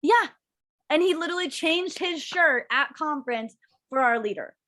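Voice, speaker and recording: A young woman co-hosts a casual chat with a slightly high voice. She rambles and gushes, easily moved. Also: expressive, moderate pace, sharp tone. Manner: gushing, emotional, rambling. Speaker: co-host.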